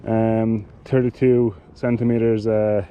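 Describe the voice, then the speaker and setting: A man giving a casual product demonstration of cycling gear, talking in a halting way with many fillers and restarts. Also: lowish voice, level tone, mellow, clear, resonant tone, highs cut off.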